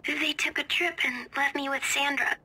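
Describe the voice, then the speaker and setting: A woman voicing a scared little girl hiding alone, speaking quietly and timidly. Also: sits high, fairly even intonation, moderate pace.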